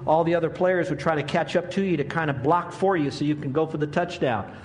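Man in his sixties, pastor delivering a sermon, fairly high voice, lively storyteller who acts out quotes. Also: fast, a little hiss or hum. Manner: animated storytelling, acting out quotes.

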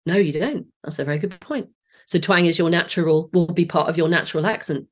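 A woman's voice: fairly low pitch, fairly quick. A woman in her late forties with a Southeast English accent, a singing teacher guest explaining her ideas with enthusiasm and frequent restarts. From Southeast England. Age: 40s. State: voice a bit off today. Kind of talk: podcast interview.

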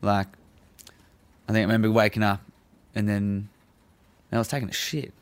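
Casting: bloke, lowish pitch, loose profane storyteller, laughs a lot. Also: male voice, normal speed, smooth. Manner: profane, laughs often, animated when recounting. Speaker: guest telling a prison story. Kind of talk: casual chat.

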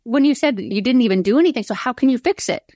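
A woman's voice: fairly high pitch, animated, very fast, a little mellow, no room sound, studio quality. A woman co-hosting a talk show, asking sympathetic follow-up questions. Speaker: co-host.

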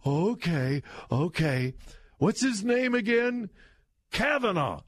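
A man's voice: high-pitched, big pitch swings, dry recording. A male radio talk show host giving political commentary, mocking and laughing as he talks, stretching his words for emphasis. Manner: mocking, laughs while talking, drawn-out emphatic delivery. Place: radio studio. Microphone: studio microphone.

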